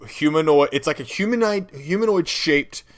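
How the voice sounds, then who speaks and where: A man's voice: on the high side, lively intonation, moderate pace. Enthusiastic young man describing ideas. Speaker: podcast co-host. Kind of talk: casual brainstorming chat.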